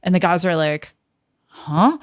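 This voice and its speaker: A woman in her fifties, a guest in an interview, telling a lively story and acting out what others said. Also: lowish voice, moderate pace, creaky, no echo, studio quality. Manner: lively storyteller who acts out quoted dialogue. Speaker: interview guest, tech entrepreneur.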